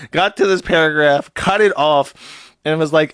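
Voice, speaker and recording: A man's voice: on the high side, unhurried, fairly bright tone, smooth, no room sound. A man hosting a live stream, reading posts aloud and mocking them in a sarcastic, profane, mock-serious tone. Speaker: streamer host.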